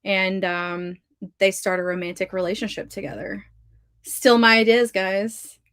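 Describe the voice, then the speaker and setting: A woman's voice: medium pitch, little pitch movement, a little slow, fairly bright tone, smooth, no room sound. Chatty Southern woman, dry close sound. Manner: chatty, gushing, heavy use of "like". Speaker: livestream host of writing sprints. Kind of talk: casual livestream chat, reading comments aloud. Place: her home office.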